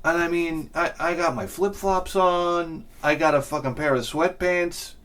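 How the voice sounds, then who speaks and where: A middle-aged man telling a rambling, self-mocking comic story with lots of swearing and loud bursts of laughter. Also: fairly high pitch, unhurried. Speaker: video game collector vlogger.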